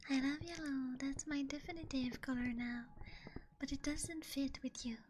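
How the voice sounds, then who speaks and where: A woman streaming whispered role-play ASMR as a playful demon catgirl, speaking in soft giggly whispers and teasing her chat on a binaural microphone. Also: sits high, steady tone, normal speed, noisy background.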